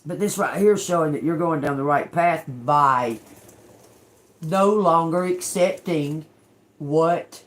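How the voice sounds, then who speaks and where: Blunt lower-voiced woman tarot reader. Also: takes it slowly. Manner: blunt and emphatic, curses, keeps checking in with "okay?". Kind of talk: casual tarot reading to viewers.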